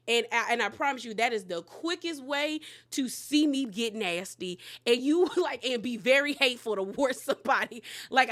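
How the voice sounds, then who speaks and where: Brief: woman recap host, blunt and slangy, fairly high, bright and forceful voice. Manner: candid, slangy, emphatic. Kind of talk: casual commentary.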